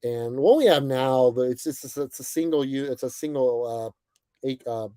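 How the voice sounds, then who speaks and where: A young man hosting a casual livestream, greeting viewers by name and chatting in a relaxed, friendly way with plenty of fillers. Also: medium pitch, normal speed, smooth, no room sound. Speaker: livestream host. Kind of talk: casual chat reading viewer comments. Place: bus, indoors.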